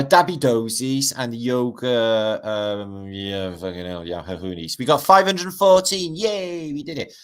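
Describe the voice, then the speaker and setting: A middle-aged man, rambling and swearing through a casual livestream chat as its host. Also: fairly low pitch. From Britain.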